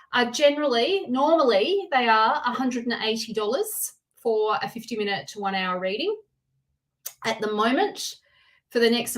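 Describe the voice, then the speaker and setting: A middle-aged woman with an Australian accent chats on a live stream in a high, bright voice. She talks loosely and warmly to her viewers, restarting sentences as she goes. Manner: chatty, warm greetings to viewers, frequent restarts. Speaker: tarot reader hosting a livestream. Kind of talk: casual live-stream chat.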